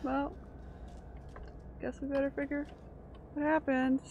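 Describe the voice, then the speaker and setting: A woman's voice: high voice, level tone, slow pace, muffled recording, slight background noise. A woman streaming a horror game live, jumpy and reacting aloud while she chats with viewers. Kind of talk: live gameplay commentary. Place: home room.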